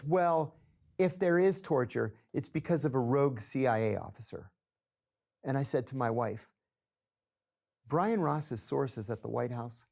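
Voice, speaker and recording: A man with a gravelly, low-lying texture to his voice speaks in a measured interview tone. His delivery is deliberate and even as he recounts events. The timbre stays dark and mellow throughout. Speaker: former intelligence officer interviewed.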